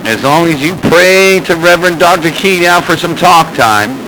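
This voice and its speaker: Bright, rambling CB radio man. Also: on the high side, normal speed, slight background noise, low-quality recording. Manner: rambling, repeats a "crazy, crazy" catchphrase, teasing. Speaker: CB radio operator and channel host. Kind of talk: casual radio banter.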